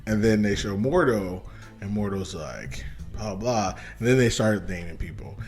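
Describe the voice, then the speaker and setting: Animated man in casual podcast chat. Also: fairly low pitch, moderate pace, breathy edge, soft background music. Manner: animated, swearing, acts out his own reactions. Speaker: podcast co-host.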